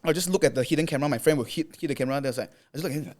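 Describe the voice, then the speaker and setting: A slightly high-voiced young man from Malaysia talks very fast as a podcast guest; he makes content for a living. Telling a long story in a casual way, he stays animated, uses plenty of fillers, and acts out what people said.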